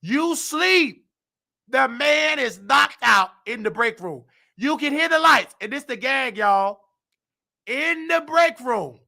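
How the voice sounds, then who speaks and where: A man who is losing his voice, hosting his show with heated, indignant commentary and bursts of shouting. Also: extremely high pitch, animated, slow pace, creaky. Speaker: nursing aide and show host. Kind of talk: ranting commentary.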